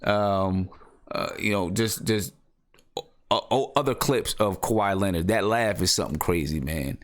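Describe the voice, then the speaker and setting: A man's voice: deep voice, unhurried. A man hosting a casual live-stream show, talking loosely with many restarts and repeats. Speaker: podcast host.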